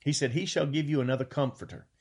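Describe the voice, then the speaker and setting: A man preaching a sermon, reading scripture slowly and earnestly and stressing key words. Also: medium pitch, a little mellow, husky. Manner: earnest, drawn-out scripture reading with rising emphasis.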